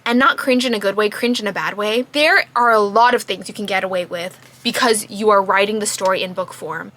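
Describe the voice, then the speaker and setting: A woman giving a casual book review to camera, emphatic and quick to laugh. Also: on the high side, bright, forceful tone.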